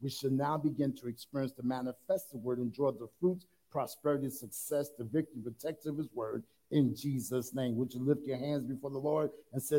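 A man preaching a sermon, leading the congregation in call-and-response and rising to loud, fervent preaching. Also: medium pitch, steady tone, fairly quick, hardly any pauses, low-quality recording. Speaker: pastor.

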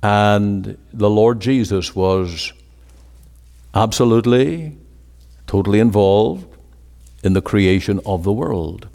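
A man's voice: on the low side, slow, vocal fry, pauses often, a little mellow. A man preaching a sermon with an emphatic, rising and falling cadence. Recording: long hall reverb.

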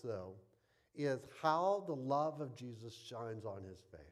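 Expressive male pastor preaching. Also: medium pitch. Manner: expressive reading with emphatic rises and soft, trailing phrase ends; relaxed preaching with fillers. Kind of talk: sermon with scripture reading.

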